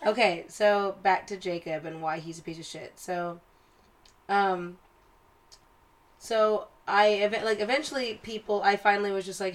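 A young woman co-hosting a loose, casual podcast. She tells her story with animated energy, swears freely and slips into other people's voices when she quotes them. Her pitch sits at a middle height for a woman. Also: unhurried. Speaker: podcast co-host.

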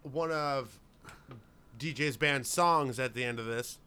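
A man's voice: mid-range voice, slow, pushed and bright, clean tone. A man hosting a podcast, tossing in short quips in casual chat. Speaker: podcast host.

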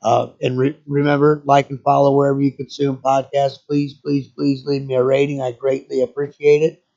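A man's voice: mid-range voice, completely flat delivery, normal speed, creaky, mellow, dull audio. A middle-aged man hosting a solo podcast, ranting bluntly and profanely, rambling with many restarts. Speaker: podcast host.

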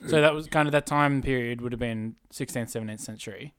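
Casual male podcast co-host, laughs a lot, trails off mid-thought, mid-range pitch. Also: fast, fairly bright tone, smooth, no echo, clean studio sound. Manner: chatty, laughs often, trails off mid-sentence. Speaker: podcast co-host presenting facts. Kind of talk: casual chat.

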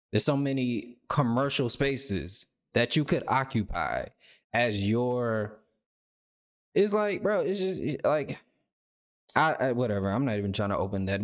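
Rambling casual man reacting to clips. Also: medium pitch. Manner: loose and rambling, lots of "bro" and "like". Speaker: reaction video host.

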